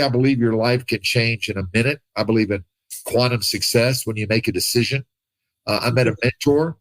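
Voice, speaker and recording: A man with a mid-range voice tells his own story as a podcast guest. He is animated, drops into voices for the people he quotes, and laughs easily. The room sound is dry and close. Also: mid-range voice, dry recording, low-quality recording. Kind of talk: casual storytelling.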